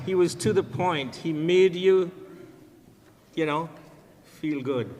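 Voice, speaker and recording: An older man with a Trinidadian accent tells warm, joking stories at a memorial service in a funeral home hall. He speaks slowly and unhurriedly, his voice sitting a bit high. Long reverb trails every line. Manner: jovial, laughing, storytelling. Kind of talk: anecdotal eulogy with jokes.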